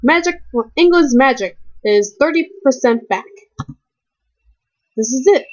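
A woman's voice: sits high, lively intonation, unhurried, darkish tone. A woman voicing a proud young male magician in a game, reading the lines fairly plainly. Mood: determined. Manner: reads game text aloud in a plain voice. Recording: dull lo-fi recording.

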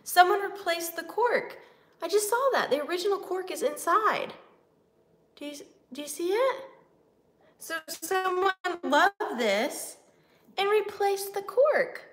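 A woman's voice: very high voice, big pitch swings, unhurried, fairly bright tone. A woman hosting a live sale and chatting casually, apologetic, drifting in and out of a British lilt. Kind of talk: casual live-stream chat. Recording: echoey room with faint noise. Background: dog barking.

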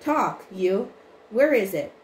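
A woman voicing a gruff, commanding male police officer in a roomy recording with faint noise. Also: medium pitch, very animated, takes it slowly.

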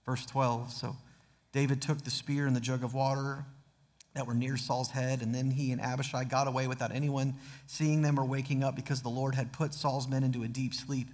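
Male pastor, earnest sermon, mid-pitched voice, long hall echo. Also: little pitch movement, normal speed, a little mellow. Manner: earnest, with dramatic read-aloud of scripture. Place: church sanctuary.

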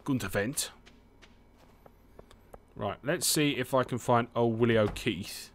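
A man's voice: mid-range voice, slow pace, a little hiss or hum. A young British man from the UK, chatting casually while he plays a farming game, swearing often and humming to himself. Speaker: gaming streamer. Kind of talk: casual let's-play commentary.

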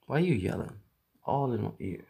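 A man co-hosting a comedy video, bantering crudely and breaking into loud mock rants. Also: fairly low pitch, very animated, a little fast, gravelly, husky. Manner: loud, profane, mock-ranting. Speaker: comedy vlog co-host.

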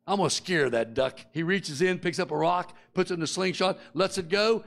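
A man's voice: high-pitched, moderate pace, gravelly, few pauses. A middle-aged man preaching a sermon, telling a folksy story and acting out its characters before turning earnest and confessional. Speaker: guest preacher.

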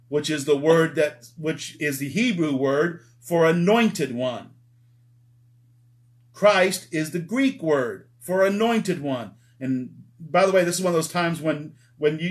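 Emphatic preacher with a higher voice. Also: male voice. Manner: emphatic, repeats key words, checks in with "all right?". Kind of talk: Bible study sermon. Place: church.

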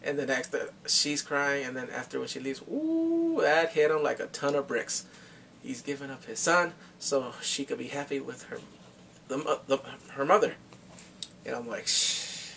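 A man casually recapping and reviewing a drama, excitable and animated, often laughing and acting out his reactions. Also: medium pitch, normal speed, gravelly, a little hiss or hum.

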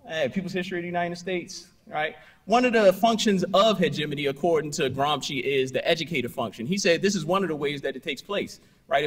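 In a hall with noticeable reverb, a man with a slightly high voice gives a conversational conference keynote. He constantly tags on "right?" and "you know," telling stories full of punchy asides and rhetorical questions.

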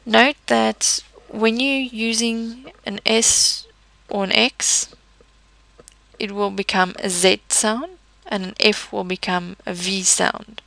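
A woman teaching a French pronunciation lesson in a patient, methodical way, slowing down to model each word. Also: medium pitch, steady tone, creaky, pushed and bright. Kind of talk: explanatory language lesson.

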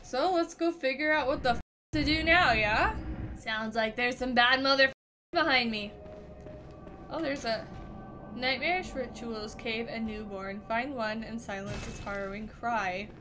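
A young woman giving casual, profane let's-play commentary, reacting loudly and laughing at the game. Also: a little high, measured pace, faint music behind. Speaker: gaming streamer.

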